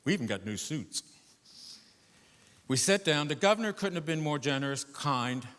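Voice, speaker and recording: An older man performing a solo stage monologue, animated, going from loud emphasis to hushed asides. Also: a little high, moderate pace. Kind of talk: theatrical storytelling monologue. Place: theater stage before a live audience. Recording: echoey theater with long reverb.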